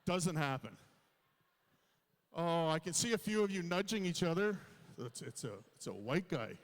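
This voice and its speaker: Fifties stand-up comic, self-deprecating, slightly high voice, live on a reverberant stage. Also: male voice, animated, moderate pace. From Canada. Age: 50s. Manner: self-deprecating storytelling to a crowd. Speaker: stand-up comedian. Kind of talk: stand-up comedy set. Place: large hall on stage.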